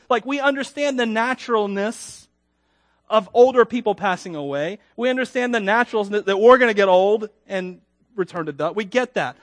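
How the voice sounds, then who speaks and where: A high-pitched man preaches to his congregation in a chatty, self-deprecating way. He pushes certain words loud and lets others drop quiet, often turning to ask the people questions. The sound is dry and close, with no room echo. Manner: swings between loud emphatic peaks and quiet dropped endings. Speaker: pastor. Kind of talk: sermon.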